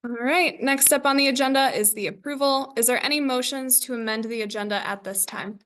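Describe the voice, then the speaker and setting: A woman chairing a student government meeting, reading the agenda and roll call in a brisk, scripted way. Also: high-pitched, fairly bright tone, slight background noise.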